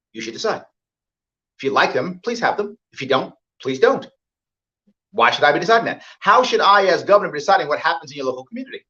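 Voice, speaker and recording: A man's voice: fairly high pitch, pushed and bright. Emphatic New man giving a campaign speech. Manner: emphatic, repeats points, acts out quoted voices. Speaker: political candidate. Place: event hall with live audience. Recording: dull lo-fi event recording.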